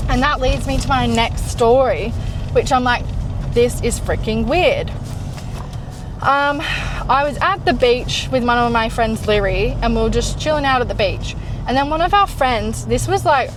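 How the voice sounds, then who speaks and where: Over some background noise, a vlogger with a slightly high voice tells a story from her parked car. The young woman is chatty and lively, acting out what people said and swearing casually here and there.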